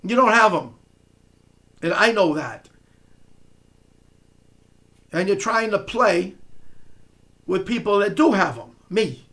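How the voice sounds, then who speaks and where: A man's voice: high-pitched, animated, takes it slowly, long pauses, bright, forceful tone. A man delivering a confrontational monologue, scolding and mocking someone he speaks to directly. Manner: sarcastic, mocking. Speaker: online commentator.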